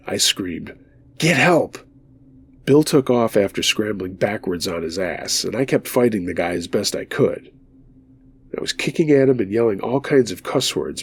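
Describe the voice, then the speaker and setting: A low-pitched man with a gravelly, husky voice narrates a scary story in calm, measured tones. His delivery is steady and scripted, as if reading to listeners around a campfire.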